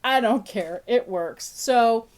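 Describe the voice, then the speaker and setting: Woman host, fairly high pitch, sniffly, chatty and playful, bursts of laughter. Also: slow pace. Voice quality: sniffly nose. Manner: playful, laughs often, big pitch jumps when excited. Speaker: podcast host. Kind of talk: casual chat.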